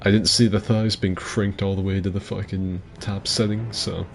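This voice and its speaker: A man with a rough, gravelly voice giving crude, joking commentary on a game fight club and answering chat as the host. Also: lowish voice, flat delivery, moderate pace, noisy background. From mixed heritage, partly Asian. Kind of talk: casual gaming commentary.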